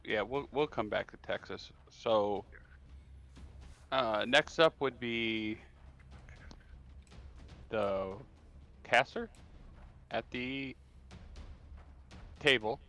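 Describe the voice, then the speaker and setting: Slow gravelly man running a game. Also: medium pitch, pushed and bright, lo-fi sound. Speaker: dungeon master.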